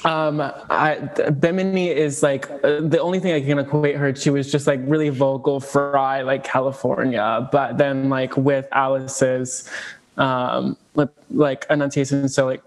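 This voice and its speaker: A man co-hosts a casual podcast and runs a quiz. His voice is mid-pitched, and he reads out the questions with dry, teasing humor. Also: flat delivery, unhurried, faint music behind. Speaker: co-host and quiz master.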